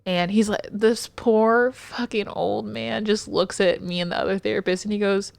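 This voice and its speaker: A woman's voice: mid-range voice, steady tone, moderate pace, creaky, darkish tone, no room sound, clean studio sound. A woman co-hosting a podcast, telling a work story in casual chat. She is an occupational therapist who swears freely and acts out the quotes. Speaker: podcast co-host.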